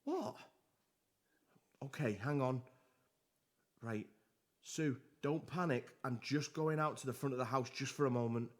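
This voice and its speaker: A man's voice: mid-range voice, unhurried, pauses often, natural voice. A man with a British accent playing a tense, irritable neighbour who is worried about the strange noises outside. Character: irritable male neighbour named Paul.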